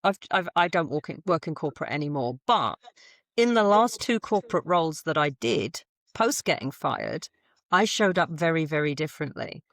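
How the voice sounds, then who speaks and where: A woman's voice: sits low, normal speed, no room sound. Woman, 40s, frank storyteller with a laugh; dry close mic. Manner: blunt, animated storytelling with laughs. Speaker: podcast guest. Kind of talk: candid conversational interview.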